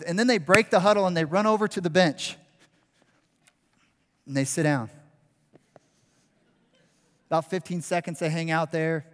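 Preaching a sermon at a moderate pace broken by long pauses, a pastor animatedly imitates a crowd yelling at the players. His voice is somewhat high for a man, and the big sanctuary lends it a long reverb.

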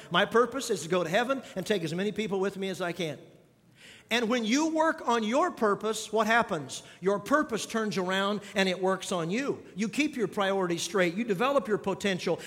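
Man, pastor, sermon, high-pitched voice, repeats key lines, asks the congregation questions, long hall reverb. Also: a bit bright. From grew up on a farm. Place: church sanctuary.

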